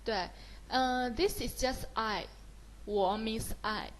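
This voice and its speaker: Here a woman teaches beginners slowly and encouragingly, her Mandarin Chinese accent evident as she switches between English and Mandarin and frequently offers praise. She has a slightly high voice and a slow pace, captured on a low-quality recording.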